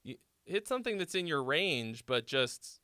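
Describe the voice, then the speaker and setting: A man's voice: a little high, sing-song, normal speed, sharp tone, no echo, clean studio sound. A man casually critiquing a listener's song as host, rambling with lots of fillers and the odd swear. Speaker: host reviewing viewer songs.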